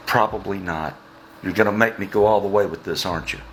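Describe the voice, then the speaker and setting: A man's voice: deep voice, normal speed, fairly bright tone, a little hiss or hum. A man delivering a sarcastic, mocking monologue.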